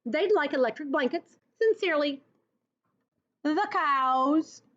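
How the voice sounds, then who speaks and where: A woman's voice: high voice, lively intonation, slow, a bit bright, voice pushed up, heavily acted. A woman voicing polite storybook cows reading out their letter in a prim, formal way, on a dull lo-fi recording. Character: polite typing cows in a picture book.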